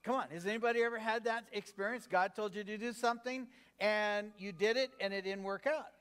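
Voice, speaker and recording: A high-voiced man preaching as pastor. He keeps it conversational, with fillers and restarts, and keeps turning to the congregation with questions. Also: fairly even intonation, brisk, fairly bright tone, clear, resonant tone. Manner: engaging, asks the congregation questions. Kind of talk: sermon.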